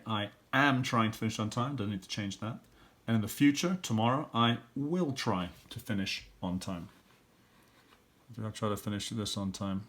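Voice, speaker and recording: A middle-aged elementary school teacher with a medium-pitched voice leads students through a recorded review lesson. He thinks aloud, working through it step by step.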